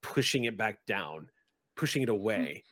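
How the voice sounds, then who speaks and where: A man's voice: fairly low pitch, expressive, normal speed, fairly bright tone, dry recording, studio quality. A man running a tabletop game, describing scenes and speaking to players, rambling with restarts. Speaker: game master.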